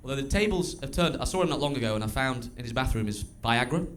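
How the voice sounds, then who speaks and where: A man's voice: medium pitch, lively intonation, quick pace, fairly bright tone, slight background noise. A young man doing a live stand-up set in a small club, telling crude self-mocking stories in a chatty way on a stage mic. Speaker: stand-up comedian. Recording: echoey club room with music.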